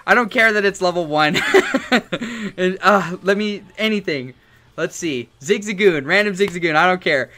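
Young guy streamer losing it, screaming yes over and over, hoarse, bright high voice. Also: moderate pace. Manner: ecstatic shouting, cursing, repeated yells of yes. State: hoarse from yelling. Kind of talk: live-stream game reaction.

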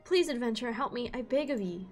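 Scared young refugee, pleading in a high, pinched voice, voiced by a woman. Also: expressive, fast, faint music behind, natural voice.

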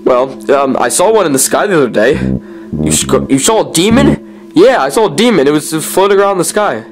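A clueless, timid turtle sidekick, as a man voices him, whiny and slow on the uptake. His voice is fairly high and swings around a lot. A comedy puppet character. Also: very animated, soft background music, rough recording. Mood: earnest. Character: dim-witted, timid male turtle sidekick.

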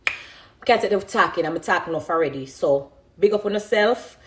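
A woman's voice: lowish voice, expressive, normal speed, a bit bright. A middle-aged woman with a Jamaican accent, talking passionately and emphatically in an interview about her music. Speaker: dancehall artist. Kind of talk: emotional interview talk.

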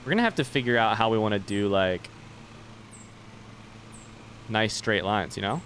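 A man's voice: fairly low pitch, animated, moderate pace, a bit bright, slight background noise. Chatty, rambling male game streamer. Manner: rambling, chatty, swears casually. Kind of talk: casual gameplay chat with live viewers.

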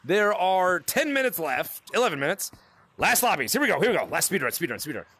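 An excitable male streamer with a high, bright voice that leaps all over the place as he greets fans in a virtual game lobby. He laughs often and trips over quick restarts, chatting into a VR headset mic. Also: slightly rough. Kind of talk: excited live gaming chat.

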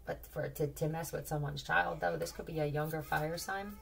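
A woman's voice: deep voice, fairly even intonation, normal speed, creaky, recorded from a distance, slight background noise. A woman giving a casual tarot reading, rambling and blunt, swearing freely, repeating words and firing off questions. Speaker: tarot reader.

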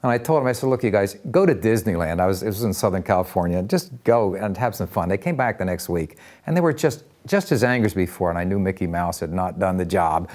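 Older US man, interview guest, earnest storyteller, lively pitch. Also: a little fast. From United States. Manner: earnest, animated storyteller acting out quoted voices.

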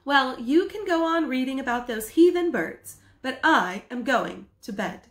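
A woman reads aloud as a fussy, practical housewife from a storybook, scolding and exclaiming in a high, lively voice. The reading bounces around an echoey room. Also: measured pace.

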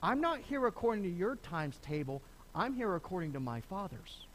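A middle-aged man preaching a sermon as pastor, conversational and animated, often restarting phrases and acting out the people he quotes. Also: sits high, normal speed, a little hiss or hum. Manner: lively, conversational preaching with repeated starts and acted quotes. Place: church sanctuary.

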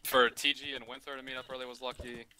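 A man reacting with quick exclamations while chatting with teammates in an online game. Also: medium pitch, little pitch movement, a crowd in the background. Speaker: game player. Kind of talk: casual gaming voice chat. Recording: loud static hiss on mic.

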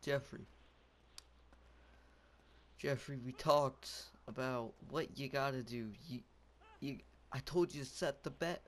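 Speaking slowly and leaving long pauses, a young man with a mid-range voice provides casual commentary over a game. It's goofy and rambling, full of yelps and laughter.

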